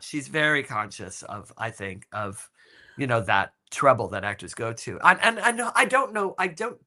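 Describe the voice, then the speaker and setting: A man co-hosting a casual chat, telling audition stories in an animated way with many restarts. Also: medium pitch. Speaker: co-host.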